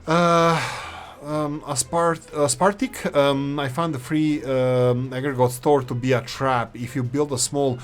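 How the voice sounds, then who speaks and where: Man, late thirties, mid-pitched, rambling gameplay commentary, opinionated. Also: level tone, unhurried. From former Yugoslavia. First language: Serbo-Croatian. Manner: rambling, opinionated, self-correcting. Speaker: gaming channel host.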